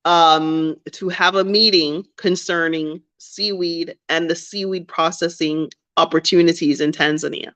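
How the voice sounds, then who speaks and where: A woman's voice: lowish voice, fairly bright tone. A woman telling a personal story to camera in a candid, reflective way, repeating phrases for emphasis. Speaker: vlogger. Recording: dull lo-fi recording.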